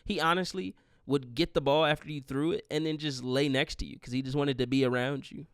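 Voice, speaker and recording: A man's voice: on the high side, steady tone, a little fast, smooth, no echo, studio quality. A man in his twenties hosting a podcast, telling a rambling, profane, grieving story in a casual monologue. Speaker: podcast host.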